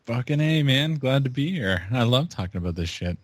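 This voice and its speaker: A man's voice: mid-range voice, animated, fairly quick, dry recording. A man from Canada, a guest podcast host, chatting in a laid-back, joking way. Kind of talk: casual podcast chat.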